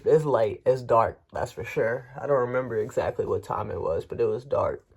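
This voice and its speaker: A man's voice: mid-range voice, creaky, a little mellow. A man vlogger telling a personal story in a frank, rambling way with frequent restarts. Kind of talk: casual first-person storytelling.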